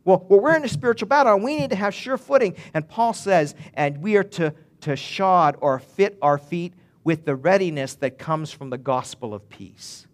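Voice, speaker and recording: Earnest preacher man, slightly high voice. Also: animated, moderate pace, few pauses. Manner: earnest, rising emphatic swells, frequent restarts. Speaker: pastor. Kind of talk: sermon.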